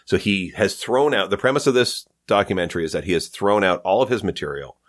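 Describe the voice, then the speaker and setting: A man's voice: sits low, fast talker. A male comedian from Canada chatting casually, telling stories and acting out quotes. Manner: animated storyteller, acts out quotes. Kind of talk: casual chat.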